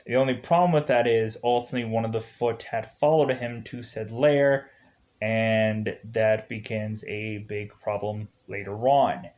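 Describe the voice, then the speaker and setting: A man's voice: on the low side, steady tone, measured pace, a little mellow, muffled recording. A man giving a casual spoken movie review, retelling the plot in a rambling way with many fillers and restarts. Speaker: film reviewer.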